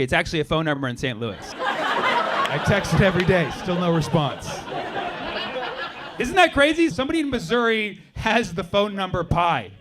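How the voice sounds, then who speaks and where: Brash high-voiced stand-up comic man. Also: very animated, moderate pace, a loud crowd. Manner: brash, shouting punchlines, swearing. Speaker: stand-up comedian. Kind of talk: stand-up comedy set. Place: comedy club stage with live audience. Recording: live club recording with audience noise.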